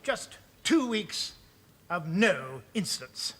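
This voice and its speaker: A vague, pompous boss. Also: male voice, sits high, big pitch swings, fairly bright tone, husky, exaggerated voice. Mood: dithering. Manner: hesitant, halting, chuckling. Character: vague, pompous office manager man. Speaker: boss in a sitcom.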